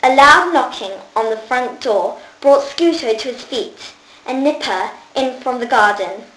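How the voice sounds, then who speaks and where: A woman reading a children's book aloud, lively and lifting her voice for the characters' lines. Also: high voice, a little slow, reverberant, low-quality recording. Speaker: reader.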